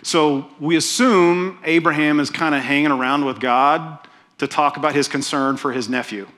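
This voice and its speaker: A man preaching a sermon in a conversational, animated storytelling way, often restarting his phrases. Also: on the high side, moderate pace. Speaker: pastor.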